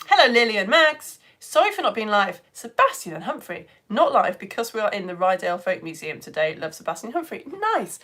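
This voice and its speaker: A woman's voice: medium pitch, big pitch swings, fairly quick, hardly any pauses, sharp tone. A woman teaching a live online science lesson, chatting with viewers and reading out their comments in a bubbly, playful way, laughing often.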